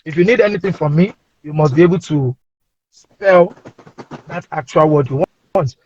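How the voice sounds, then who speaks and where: A man with a Nigerian accent, a comedian telling playful anecdotes in an animated way, speaking from inside a car. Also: fairly high pitch, moderate pace, slightly rough. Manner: animated, playful, acts out voices. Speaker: comedian guest. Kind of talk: casual anecdotal storytelling. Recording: dull lo-fi remote audio.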